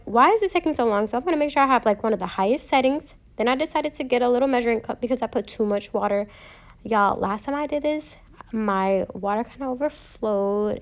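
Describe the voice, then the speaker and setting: A woman home cook talking viewers through a recipe in a casual voice-over, chatty and joking with playful asides. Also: fairly high pitch.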